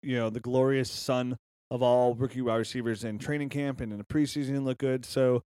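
A man co-hosting a podcast, chatting about football in a lively, joking, excitable way. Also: mid-range voice, fairly quick, smooth, no room sound, clean studio sound. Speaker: podcast co-host. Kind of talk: casual sports chat.

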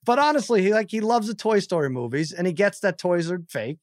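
Wry teasing podcast co-host. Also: male voice, high voice, big pitch swings, dry recording. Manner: wry, quick teasing asides. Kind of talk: casual chat. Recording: dry close studio mic.

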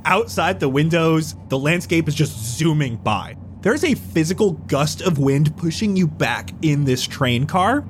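Game master narrating, lively pitch. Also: unhurried, few pauses, slight background noise.

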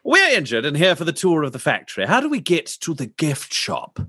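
A man's voice: a little high, wildly swooping pitch, fairly quick, pushed and bright, slightly rough, no room sound, clean studio sound, pitched above the performer's own voice, heavily acted. A man voicing a chipper male adventurer in his own voice. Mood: breezy.

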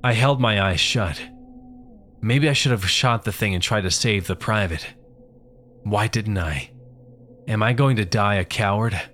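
Man, fairly low voice, horror story narrator, steady, grim. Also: measured pace, pauses often, a little hiss or hum.

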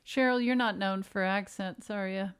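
A woman co-hosting a comedy podcast in casual chat, teasing with dry deadpan humor. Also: medium pitch, moderate pace, clean tone. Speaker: podcast co-host.

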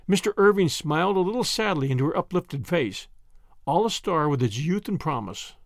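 A male narrator reading a classic novel aloud, his voice sitting a bit high and moving with lively rises and falls. The sound is close and dry, with no room around it. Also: normal speed, no room sound. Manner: expressive storytelling. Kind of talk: audiobook narration.

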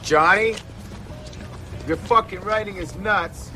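A man's voice: high voice, slow. An actor playing an exasperated rock musician who scolds and pleads with his bandmate, swearing as he insists. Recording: film clip with music behind.

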